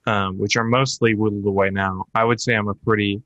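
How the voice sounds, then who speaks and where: A man's voice: on the low side, flat delivery, a little fast, fairly bright tone, no echo, lo-fi sound. A young man co-hosting a podcast, telling personal stories in a candid, rambling casual chat with lots of fillers. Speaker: podcast co-host.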